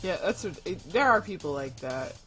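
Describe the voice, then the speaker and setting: A man from the United States gives short, quiet, agreeing replies in a casual chat. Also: high-pitched, animated, moderate pace. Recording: distant voice under clear music. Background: clear background music.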